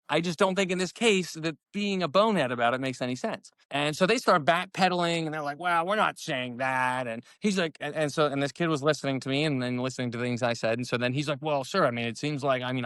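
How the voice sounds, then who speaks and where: A middle-aged man with an American accent tells his story at a brisk clip and acts out each quoted line. His voice is smooth and clear on a dry, close mic. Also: on the high side, a bit bright, no room sound. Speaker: retired army captain, podcast guest. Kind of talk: casual storytelling interview.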